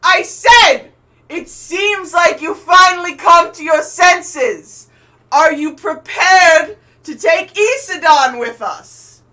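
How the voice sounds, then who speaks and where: A man voicing a gleeful, taunting male villain who yells gloatingly across to another ship. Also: high voice, a little slow, voice pushed up. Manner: loud, gloating, sing-song shouting.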